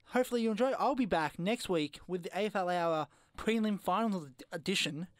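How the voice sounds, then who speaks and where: A man's voice: high voice, brisk, no echo, studio quality. A young man with an Australian accent co-hosting a student radio show, chatting casually and teasing his co-host. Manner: joking, teasing. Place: radio studio. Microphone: studio mic.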